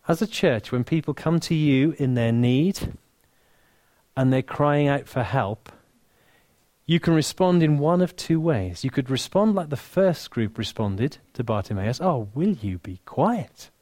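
A man with an English accent preaching a sermon, earnest and warm, dropping to soft, hushed lines for emphasis, with touches of dry humor. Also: medium pitch, lively intonation, measured pace, no room sound. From England. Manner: earnest, softening to near-whisper on key lines, dry humor.

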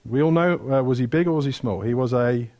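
A man's voice: mid-range voice, a little fast, a little mellow. A man preaching a sermon, retelling stories with energy, asking the room questions and correcting himself mid-flow.

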